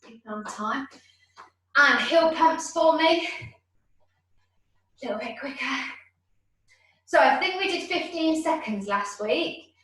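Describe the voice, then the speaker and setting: A fitness instructor coaches an online class by video call from a room in her home, counting repetitions, motivating the group and at times panting. Her high, slightly bright voice is animated but slow, with long pauses. The audio is very echoey and she seems far from the microphone.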